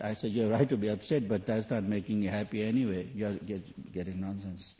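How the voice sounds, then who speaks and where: Man, sermon, earnest questioning, mellow, dull lo-fi recording. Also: on the low side, fairly even intonation, brisk. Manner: questioning, earnest, with shifts between soft and loud. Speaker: spiritual teacher.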